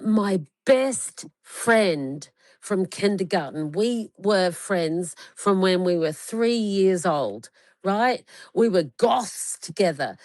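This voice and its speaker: A woman's voice: medium pitch, darkish tone, no echo. A woman in her forties, talking in a casual chat, telling stories emphatically and swearing heavily. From Australia. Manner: heavily profane, emphatic storytelling.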